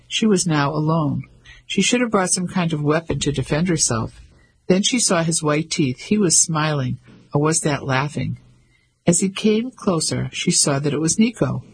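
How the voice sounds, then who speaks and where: A man reading an audiobook as narrator, with measured storytelling. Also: fairly high pitch, slight background noise, poor audio. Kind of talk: scripted narration.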